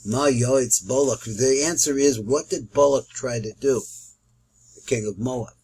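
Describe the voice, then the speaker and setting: A man's voice: mid-range voice, measured pace, darkish tone, breathy edge, poor audio. A man teaching a recorded Torah study lesson, explaining Hebrew and Aramaic quotations as he goes.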